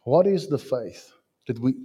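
A man's voice: medium pitch, lively intonation, measured pace, dark tone, breathy edge. A man preaching a sermon in an emphatic way, repeating phrases and asking his listeners questions.

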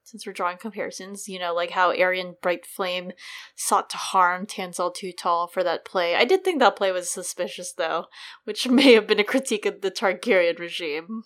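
A young woman co-hosting a casual podcast chat, animated and laughing often, her pitch jumping up when she jokes. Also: moderate pace. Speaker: podcast co-host.

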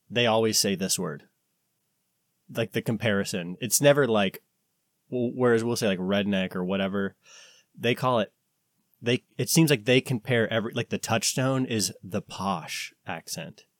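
American man, podcast co-host, low voice, meandering casual chat. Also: dry recording, studio quality. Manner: rambling, searching for words with many fillers.

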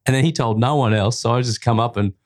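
A man's voice: medium pitch, fast talker. Guy telling a set story, does the crew voices, casual chat. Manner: lively anecdote-teller who acts out the voices of others. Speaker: podcast guest, extra actor.

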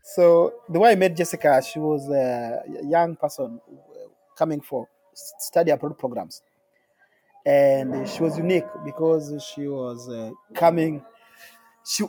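High-voiced Kenyan man, animated storyteller. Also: moderate pace, soft background music. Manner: animated, repeats words, laughs often. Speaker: interview guest. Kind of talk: storytelling in conversation.

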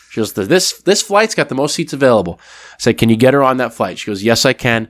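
A man's voice: mid-range voice, lively intonation, a little fast, no echo. A man co-hosting a podcast, telling a story in casual chat and acting out both sides of a phone call. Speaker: podcast co-host.

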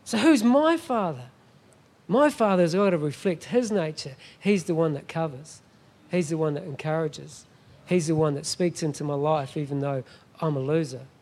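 A man's voice: a little high, normal speed, a little mellow. A middle-aged man preaching a sermon as a guest pastor, emphatic and often asking the congregation "Amen?".

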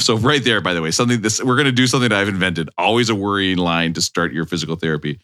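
Bright-voiced man telling animated stories. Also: low voice, quick pace. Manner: animated, acts out quotes from people in his stories. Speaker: podcast host. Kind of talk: casual storytelling chat.

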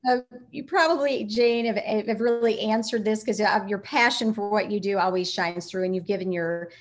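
A woman's voice: medium pitch, fairly even intonation, normal speed. Woman host, gushing thanks to her guest, medium voice. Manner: warm, effusive praise of the guest. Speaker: podcast host. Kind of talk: interview hosting.

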